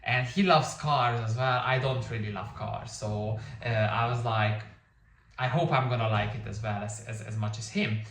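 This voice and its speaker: A man's voice: mid-range voice, moderate pace, fairly bright tone, distant mic. Man, casual reviewer, Hungarian native speaker, rambling with fillers, roomy echo. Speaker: movie reviewer. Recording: echoey room, somewhat off-mic.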